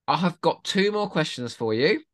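A man's voice: on the high side, animated, moderate pace, a bit bright. A man hosting a podcast in casual chat, teasing his guest and laughing often. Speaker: podcast host.

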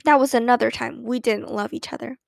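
A woman's voice: fairly high pitch, steady tone, fairly quick, creaky, no echo, studio quality. A woman voicing a playful grown-up aunt who recalls childhood mischief in a storybook reading. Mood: amused.

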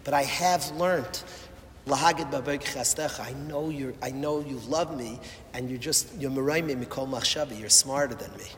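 A man giving an emotional sermon, impassioned and repetitive, swinging from loud appeals to hushed words. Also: mid-range voice, moderate pace, slight background noise. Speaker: rabbi or Torah speaker. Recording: echoey hall, faint ambience.

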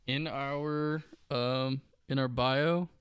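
A man's voice: mid-range voice, steady tone, very slow, clear, resonant tone, no echo. A man co-hosting a podcast, in a loose, casual, laid-back chat. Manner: laid-back, loose, drawling sign-off with fillers. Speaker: podcast co-host.

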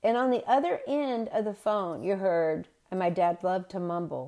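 A woman's voice: medium pitch, expressive, moderate pace, hardly any pauses, darkish tone. Middle-aged woman, podcast host, chatty storytelling, self-correcting, from the American South. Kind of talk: personal storytelling.

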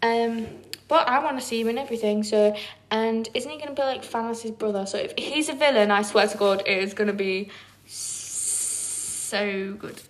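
Chatty young woman podcast co-host. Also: fairly high pitch. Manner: chatty, gushing fan talk with quick asides. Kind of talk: casual chat.

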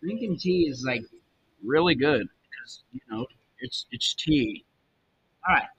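Slow-paced yet lively in intonation, a young man with a slightly bright voice hosts a casual solo podcast. He rambles and shares opinions with many fillers and restarts. A muffled lo-fi mic adds a faint rumble, with faint jazz behind.

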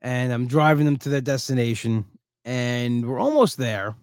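A man hosting a casual solo podcast, sounding exhausted and low on energy. He rambles through his story with restarts, then turns animated whenever he quotes someone. His voice sits at an average pitch and is recorded dry and close, with no room sound. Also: normal speed, clean tone, dry recording. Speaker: podcast host.

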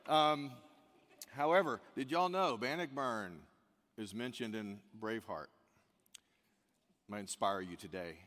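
A male pastor delivers a sermon at a church service, speaking in an earnest tone at a middle pitch. He drives his points home by repeating key phrases. The recording carries a long, lingering hall reverb. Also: unhurried, long pauses, a bit bright.

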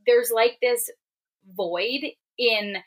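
A woman hosts a conversational interview, speaking with empathy. She talks from her own experience and keeps an easy, relaxed pace. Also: fairly high pitch, drawn-out words. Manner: empathetic, relating from shared experience.

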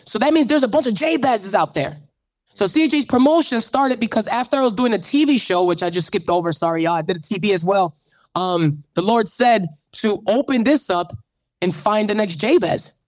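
A man's voice: high-pitched, animated, a little fast, no echo. A man hosting a radio show, telling his story in an interview with a preacherly lilt that builds to fervent calls. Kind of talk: animated testimony in an interview.

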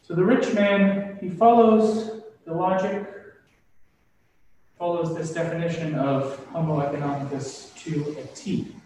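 A man preaching a sermon in a slow, deliberate, emphatic way. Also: a little high, steady tone, darkish tone, a little hiss or hum. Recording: echoey room from far off.

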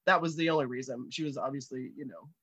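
A woman's voice: very deep voice, steady tone, fast, fairly bright tone, lo-fi sound. A woman co-hosting a podcast in casual, laughing chat, swearing freely. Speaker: podcast co-host.

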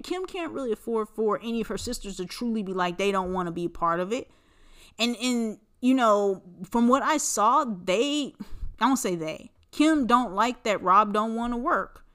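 A woman in her forties chats alone on her podcast with a smooth, clean voice. She is blunt and swears freely, rambling through her thoughts with plenty of "like" and "you know". Her voice sits at an everyday middle pitch. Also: fairly bright tone. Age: 40s. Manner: blunt, profane, rambling gossip with many fillers. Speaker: podcast host. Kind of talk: casual solo podcast chat.

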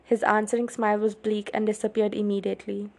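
Woman reading a story in a flat voice. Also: medium pitch, fast talker, gravelly. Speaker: narrator. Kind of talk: first-person story reading.

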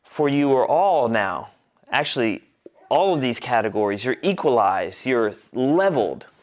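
A man's voice: medium pitch, sing-song, a little slow. A man teaching a church class, talking conversationally, restarting phrases and checking that the group follows.

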